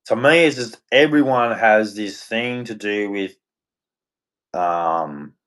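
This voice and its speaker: A man's voice: lowish voice, slow, fairly bright tone. A man hosting a livestream, ranting in a rambling, frustrated and heartfelt way. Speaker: livestream host. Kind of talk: casual ranting monologue.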